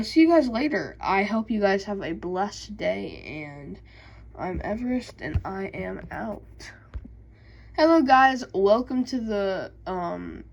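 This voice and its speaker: Slow, gravelly young woman YouTuber. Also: mid-range voice, dull audio. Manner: halting, stumbles over words. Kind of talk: reading game lore with asides.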